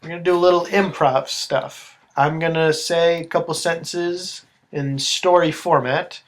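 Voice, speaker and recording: A young man hosting a casual improvised story, relaxed and joking with plenty of fillers. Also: on the high side, a little slow.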